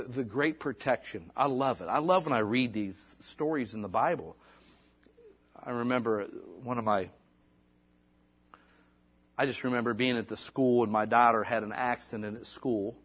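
A middle-aged male pastor preaches in a chatty, folksy style, full of asides. His fairly high voice swings widely in pitch and has a husky edge. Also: lively intonation, normal speed, a bit bright. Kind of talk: sermon.

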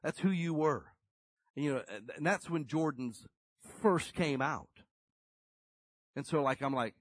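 A man's voice: medium pitch, measured pace, long pauses, dry recording, poor audio. A middle-aged man preaching a sermon in a conversational, emphatic storytelling way.

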